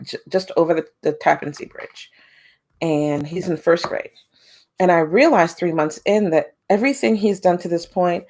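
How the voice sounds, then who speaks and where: Low gravelly woman telling a story. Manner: animated, acts out quotes with big pitch jumps. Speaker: homeschooling mom vlogger. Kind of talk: casual storytelling to camera.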